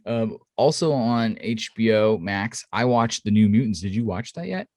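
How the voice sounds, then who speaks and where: A man co-hosting a podcast in casual chat, animated and profane, often laughing. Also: normal speed, no echo, studio quality. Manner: animated, swears, laughs often, mimics people in high voices. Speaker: podcast co-host.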